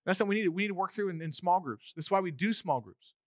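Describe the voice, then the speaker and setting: Animated, high-voiced male pastor. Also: rapid-fire, no room sound, studio quality. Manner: animated, conversational, acts out voices. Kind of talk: sermon.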